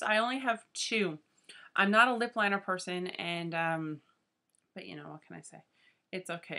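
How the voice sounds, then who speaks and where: A woman's voice: lowish voice, sharp tone. A young woman from Canada chatting casually as a beauty vlogger, gushing and chatty, often saying "like" and "fabulous". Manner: chatty and gushing, says 'like' and 'fabulous' often. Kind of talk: casual chat.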